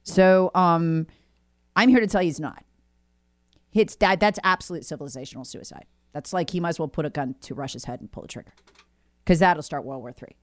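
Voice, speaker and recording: A woman with a low voice speaks briskly as a guest commentator, sounding alarmed and insistent and repeating words for emphasis. The audio is studio quality with no room sound.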